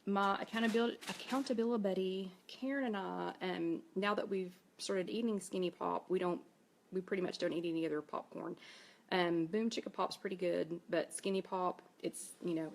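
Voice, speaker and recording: Woman host, East Tennessee accent, chatty live-stream talk, lowish voice with fry. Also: darkish tone. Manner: chatty, reads viewer comments aloud. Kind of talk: casual Facebook Live chat.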